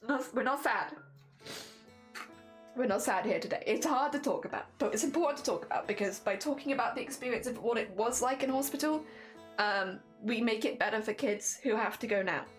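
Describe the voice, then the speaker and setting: A young woman with a fairly high voice talks on a charity livestream, earnest and teary, halting and restarting as she goes. Faint music plays underneath her. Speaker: streamer. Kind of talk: casual charity livestream chat.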